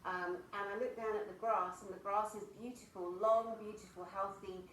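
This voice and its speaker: A woman's voice: medium pitch, fairly even intonation, normal speed, reverberant, recorded from a distance, a little hiss or hum, rough recording. A woman hosting an interview, sharing her own experience in a chatty, reflective way. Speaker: interview host. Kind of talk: casual conversation.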